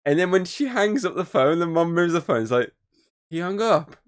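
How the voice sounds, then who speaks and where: A man's voice: lively intonation, brisk, smooth. A man co-hosting a podcast, talking casually and at length about a film, swearing often. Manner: rambling, swears, mimics voices in high pitch. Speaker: podcast co-host. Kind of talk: casual movie review chat.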